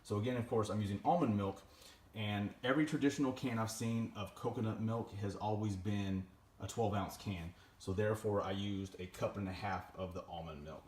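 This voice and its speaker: A young man chats playfully while cooking a stew in his home kitchen for a casual cooking vlog, humming little sound effects along the way. His voice is fairly low and a little mellow, with fairly even intonation and a moderate pace. There's slight background noise.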